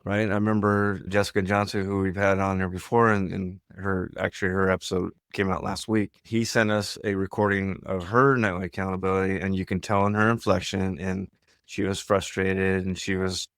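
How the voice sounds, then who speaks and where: A man's voice: deep voice, clear, resonant tone, no echo, clean studio sound. A man co-hosting a podcast in casual chat, emphatic and coaching, often checking in with "right?". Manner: coaching, emphatic, tag questions. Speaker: podcast co-host.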